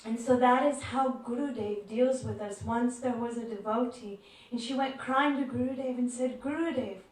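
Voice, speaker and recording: A woman giving a devotional talk, telling stories gently and acting out the voices in them. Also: fairly high pitch, fairly even intonation, normal speed. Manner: gentle storyteller who acts out quoted voices. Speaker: devotional speaker. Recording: echoey room, far from mic.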